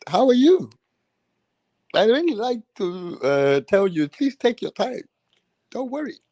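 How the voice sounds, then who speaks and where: A man voicing an overly friendly male boxing referee who coaxes and pampers a tired fighter in a soft voice. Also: sits high, sing-song, measured pace, dry recording, pitched above the performer's own voice, full character voice. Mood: soothing. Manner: coaxing, soft-spoken, pampering.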